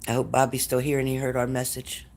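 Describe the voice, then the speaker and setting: A man's voice: medium pitch, monotone, fast talker, gravelly, a little hiss or hum. A man doing psychic readings on a live stream, speaking straight to his viewers by name and growing emotional as he talks. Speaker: psychic reader.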